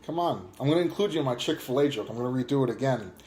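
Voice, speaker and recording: A man's voice: mid-range voice, lively intonation, very fast, darkish tone, a little hiss or hum. A man with a New York accent from Long Island, ranting in casual live chat, taunting and mocking a viewer with lots of fillers. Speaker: live stream host.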